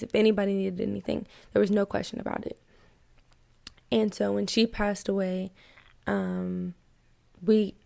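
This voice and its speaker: A young woman tells her own faith story on her podcast, earnest and reflective. Her voice is heavily gravelly with fry and stays fairly level in pitch. The sound is dry and close. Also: no room sound. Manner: earnest, reflective, emotional at times. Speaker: podcast host. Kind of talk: personal testimony, casual and heartfelt.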